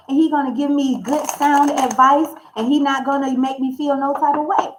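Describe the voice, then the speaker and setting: Woman, high voice, tarot reader, frank, colloquial, animated, confiding. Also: moderate pace, hardly any pauses, rough recording. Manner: confiding, addresses listeners directly. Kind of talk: casual personal talk to viewers.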